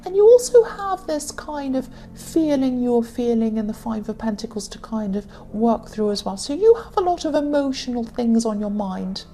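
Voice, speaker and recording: Mellow higher-pitched woman reading tarot. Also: lively intonation. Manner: halting, many fillers and self-corrections. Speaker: tarot reader.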